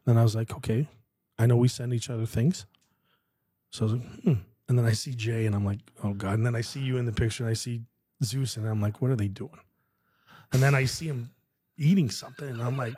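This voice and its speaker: A man's voice: medium pitch, fairly even intonation, a little fast, mellow, breathy edge, no echo, clean studio sound. A man chatting casually, telling a story and acting out the lines of the people in it. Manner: chatty storyteller, acts out dialogue. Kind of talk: casual chat.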